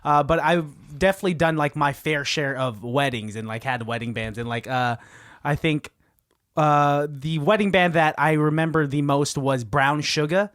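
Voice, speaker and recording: Relaxed male podcast co-host. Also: on the high side, normal speed. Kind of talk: casual chat.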